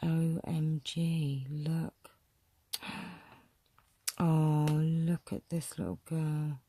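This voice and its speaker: Woman, low and mellow, easygoing show-and-tell chatter, keeps clearing her throat. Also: little pitch movement, drawn-out words, dry recording. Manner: chatty, musing aloud, frequent throat clearing. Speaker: vlogger showing a photo collection. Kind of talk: casual show-and-tell commentary.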